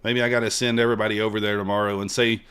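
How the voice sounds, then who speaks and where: A man's voice: lowish voice, level tone, very fast, fairly bright tone, smooth. A man streaming live futures trades, chatting casually with his viewers, joking and hyping his trades. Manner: chatty, joking with chat, banters and hypes trades.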